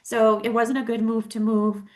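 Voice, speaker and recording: A middle-aged woman co-hosting a talk show, telling a personal story in a chatty way with many restarts and lively quoted voices. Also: on the high side, moderate pace. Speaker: co-host. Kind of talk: casual storytelling chat.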